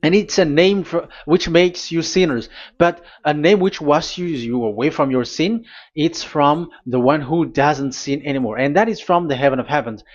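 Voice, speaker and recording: A man preaching a teaching sermon at a board, pausing and repeating himself as he explains. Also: a little high, muffled recording. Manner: halting, repeats words, talks to a technician.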